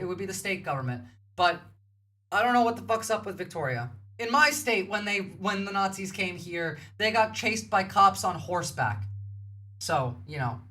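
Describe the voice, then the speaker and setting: A woman's voice: mid-range voice, fairly bright tone, slight background noise. A woman, giving blunt, heated livestream commentary and swearing freely. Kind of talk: casual reaction commentary.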